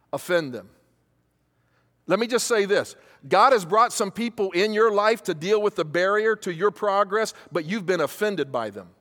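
A man's voice: high-pitched, fairly bright tone. A man preaching as a pastor to his congregation, repeating key phrases and asking questions for the crowd to answer. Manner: call-and-response, repeats phrases for emphasis. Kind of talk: sermon. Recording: long hall reverb.

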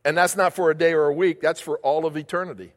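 A man's voice: fairly high pitch, fairly even intonation, fast talker. An older man preaching a sermon as a pastor, emphatic, repeating key phrases and asking rhetorical questions. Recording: long reverb of a large hall.

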